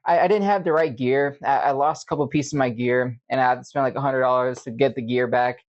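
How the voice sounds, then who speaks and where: A young man on a dull, lo-fi recording vents at mid pitch in a loose, rambling monologue. He swears freely and talks like he is hosting his own casual podcast. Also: fast talker. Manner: rambling, profane, venting. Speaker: podcast host.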